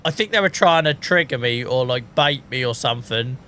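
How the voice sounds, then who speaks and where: A British man in a mid-range voice keeps up animated, fairly quick chat while live-streaming a game. He rants and laughs a lot at his own jokes, his pushed, bright voice coming through clean.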